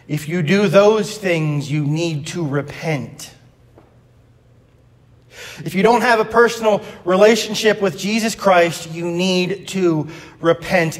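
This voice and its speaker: Man, pastor, sermon, high voice, unhurried delivery, earnest, church hall reverb. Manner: earnest, preaching to the congregation, self-deprecating asides. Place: church sanctuary.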